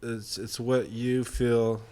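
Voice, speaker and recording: A man's voice: mid-range voice, flat delivery, takes it slowly, mellow. A man hosting a podcast in casual chat, laid-back and swearing casually.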